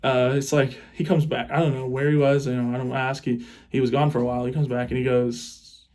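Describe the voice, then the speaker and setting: A man's voice: mid-range voice, flat delivery, a little fast, darkish tone. Rambling young man telling a crude story. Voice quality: rambling and crude, with frequent laughs. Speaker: teacher. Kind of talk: casual comic storytelling.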